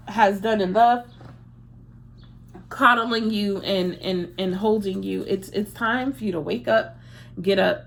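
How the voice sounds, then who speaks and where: A woman's voice: on the high side, slight background noise. A woman in her thirties giving a casual spiritual tarot reading, emphatic and repetitive, with frequent restarts. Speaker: tarot reader.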